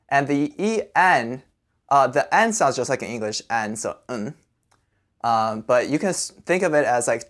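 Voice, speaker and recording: A man teaching a language lesson, who explains each sound patiently and slowly repeats syllables so they can be copied. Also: mid-range voice.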